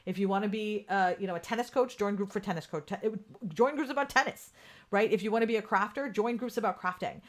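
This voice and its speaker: A mid-pitched female podcast host leads a casual live-stream coaching chat from a home room lit by a ring light. She's frank, candid, and swears freely, laughing often and reading out viewer comments.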